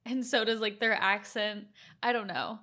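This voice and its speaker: With a medium-pitched, steady and sharp voice at a moderate pace, this young American woman co-hosts a laid-back podcast as the daughter on the show. Her chatter is packed with "like" and frequent laughter.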